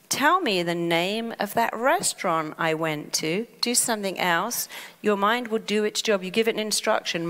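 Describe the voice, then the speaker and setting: Lively woman with hall reverb. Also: mid-range voice, moderate pace. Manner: lively, acts out panicked inner voices. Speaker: therapist and speaker. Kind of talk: motivational talk.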